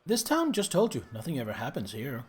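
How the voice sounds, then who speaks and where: A man voicing an excitable young girl, the bored mayor's daughter, who gushes with breathless enthusiasm. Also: medium pitch, brisk, pitched below the performer's own voice. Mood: eager.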